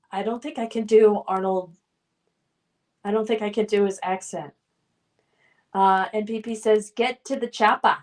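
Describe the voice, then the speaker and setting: Chatty higher-pitched woman streamer. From United States. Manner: chatty, reads chat names then responds. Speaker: streamer hosting a trivia game. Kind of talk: casual livestream chat reading viewer comments aloud.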